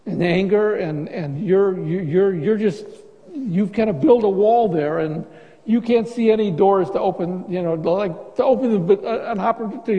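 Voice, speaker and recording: A man's voice: sits high, warm tone, big-room sound, highs cut off. A man preaching a sermon as pastor, in a conversational, joking way with many restarts.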